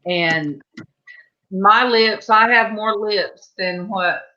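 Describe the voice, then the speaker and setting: Slow-talking folksy woman, bright voice. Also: medium pitch, dull audio. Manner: chatty, folksy, rambling with many restarts. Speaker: host. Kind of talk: casual chat.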